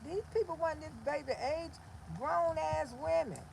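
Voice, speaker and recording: An older woman hosting a livestream, talking casually in a blunt, animated storytelling way. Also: high-pitched, a little slow, gravelly, slight background noise, poor audio. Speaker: livestream host.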